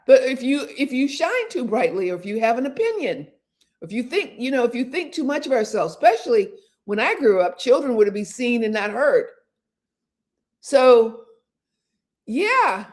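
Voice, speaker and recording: Brief: older woman host, higher voice with lots of swing, acts out inner voices, quick to laugh. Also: sing-song, darkish tone. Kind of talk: casual motivational talk.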